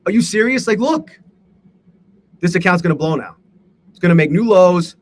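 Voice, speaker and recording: A man with a high-pitched voice hosts a live trading stream and talks to his viewers as he trades. His delivery is a profane, exasperated rant, full of swearing. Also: expressive, moderate pace. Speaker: livestream host and day trader. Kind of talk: live trading commentary to chat.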